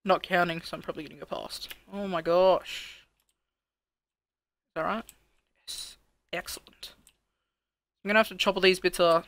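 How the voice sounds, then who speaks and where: A let's play host thinks aloud during casual gameplay commentary, counting out loud as he builds and grumbling at his own work. His mid-range voice keeps a moderate pace and fairly even intonation, with long pauses.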